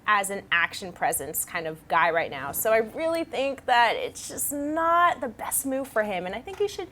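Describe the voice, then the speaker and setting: A woman with a fairly high voice giving her take on a film-news panel, her pitch rising and falling freely. She weighs each point earnestly, with faint background noise. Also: big pitch swings, normal speed, a bit bright. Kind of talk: casual panel chat.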